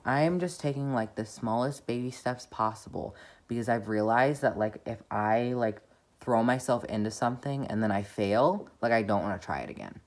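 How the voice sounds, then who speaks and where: A young woman with a strikingly deep voice chats through a casual vlog update from home. She rambles, fills her sentences with "like," and pokes fun at herself along the way. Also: moderate pace, darkish tone. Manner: rambling, heavy use of "like"; chatty and self-deprecating. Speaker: vlogger.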